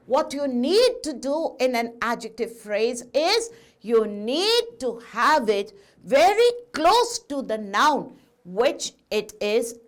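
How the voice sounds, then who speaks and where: A woman teaching English grammar to children, patiently asking questions and answering them herself. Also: a little high. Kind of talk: classroom lesson addressing children.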